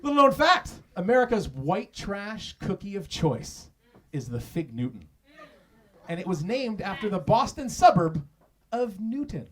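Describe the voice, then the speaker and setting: High, animated comic roasting a rival. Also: male voice, measured pace. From Canada. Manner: crude, mocking punchlines. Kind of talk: stand-up roast insults. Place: comedy club stage. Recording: noisy live club recording.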